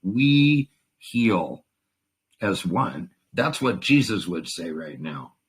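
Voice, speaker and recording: A man's voice: low voice, sing-song, slow, breathy edge. A man who is a veteran, talking in a rambling, profane and emotional way in a casual chat. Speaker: veteran in a conversation.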